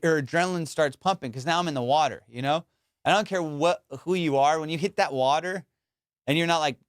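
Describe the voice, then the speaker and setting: A young man hosts his own podcast and tells a story at full tilt, peppering it with "dude" and the odd swear. His voice sits a little high and comes across smooth and clear. The mic is close and dry, with no room sound. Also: no room sound. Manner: animated, swears, says "dude" and "bro" a lot. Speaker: podcast host. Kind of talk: casual storytelling.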